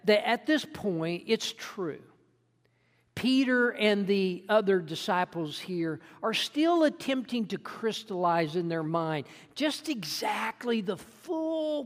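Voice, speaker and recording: A preacher delivering a sermon in an earnest, emphatic way, often restarting phrases as the points build. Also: mid-range voice. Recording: long reverb in a large hall.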